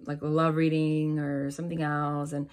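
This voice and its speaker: A woman's voice: low-pitched, monotone, normal speed, a little mellow. Chatty woman giving a spiritual reading. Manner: chatty, reassuring, lots of "like" and "right?". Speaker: tarot reader.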